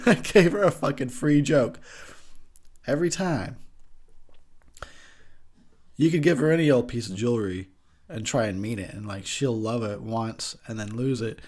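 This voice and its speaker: A young man riffing crudely over a horror movie, with beer in hand. His pitch swings a lot as he jokes, and he keeps breaking into laughter. He sounds casual and loose. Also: moderate pace, long pauses. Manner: crude joking, laughs often, animated. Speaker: movie commentary host. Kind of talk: casual drunk movie commentary.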